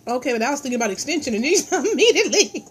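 A playful woman co-hosts a casual podcast, her high voice swooping all over as she jokes and laughs. Her talk is slangy and loose, with faint music playing behind her. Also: very animated, racing. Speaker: podcast co-host. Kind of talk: casual chat.

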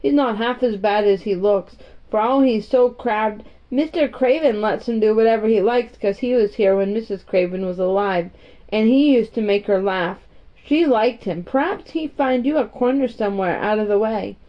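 A woman's voice: medium pitch, moderate pace, lightly acted. Woman doing a chatty maid. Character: cheerful young Yorkshire housemaid. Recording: muffled lo-fi recording.

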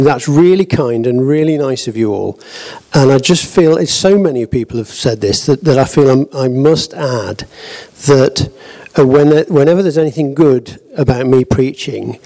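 A man's voice: medium pitch, warm tone, rough recording. A middle-aged man opening a sermon, hesitant and modest, with many ums and uhs. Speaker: preacher.

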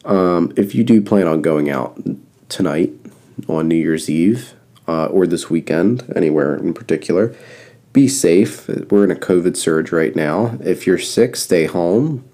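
A man with a deep, warm, mellow voice hosts his podcast alone, close to the mic. He sounds congested and rambles in a flat monotone, full of ums and repeated advice. His tone stays casual and plain. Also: a little slow. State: congested and coughing. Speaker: podcast host. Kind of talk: casual solo podcast talk.

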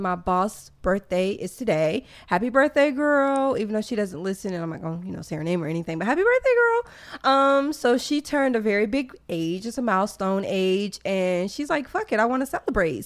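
A woman hosting a casual podcast, talking in excited, slangy bursts and laughing often. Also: medium pitch, moderate pace, few pauses. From American South. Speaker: podcast host.

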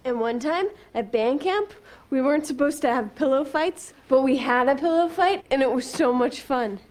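A woman's voice: high voice, moderate pace, a little mellow, natural voice. An actress playing a chatty teenage girl rambling on about band camp in a breathless run-on way. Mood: giddy. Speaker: film character in a played clip.

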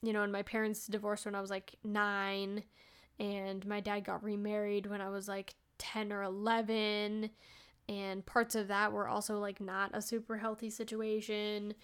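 A woman in her thirties hosting her own podcast, chatting casually and rambling, filling her sentences with "like" and starting over mid-thought. Her voice is smooth and clear, pitched in an ordinary middle range for a woman. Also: completely flat delivery, normal speed. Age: 30s. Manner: rambling, heavy use of "like", frequent restarts. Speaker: podcast host. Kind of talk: casual solo podcast chat.

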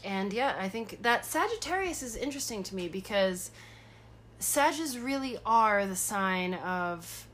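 A woman's voice: medium pitch, lively intonation, a little slow, fairly bright tone, a little hiss or hum. A woman co-hosting a podcast in casual chat, speaking in a supportive, earnest, reflective way. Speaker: podcast co-host.

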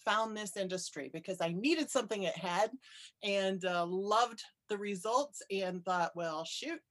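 A woman's voice: medium pitch, measured pace. A cheerful, candid woman with a folksy way of talking, chatting on a video call. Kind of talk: casual webinar chat.

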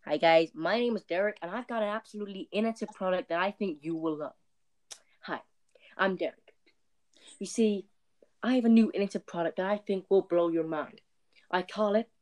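A man voicing an overeager male inventor who pitches his gadget in a rambling way and keeps repeating "innovative". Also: darkish tone, lightly acted. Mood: eager.

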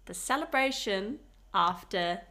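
A woman's voice: mid-range voice, lively intonation, unhurried, bright, forceful tone. A woman, co-hosting a casual podcast chat in a studio, giggly and self-mocking. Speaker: podcast co-host.

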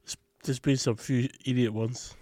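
A man co-hosting a podcast in casual chat, telling stories and laughing loudly at them. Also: mid-range voice, moderate pace, dry recording, clean studio sound. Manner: animated, laughs loudly at his own stories. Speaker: podcast co-host.

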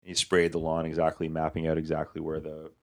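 A man's voice: extremely low pitch, completely flat delivery, quick pace. A man from Canada who writes for comedy shows, telling rambling stories in casual podcast chat, swearing freely. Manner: rambling, swears freely, quotes people in voices.

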